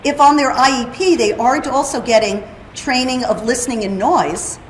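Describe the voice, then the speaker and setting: A woman's voice: a little high, moderate pace, a little hiss or hum. A woman giving a conference presentation, explaining her topic and putting questions to the audience. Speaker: presenter on hearing and speech. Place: conference room. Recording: roomy hall with faint ambience.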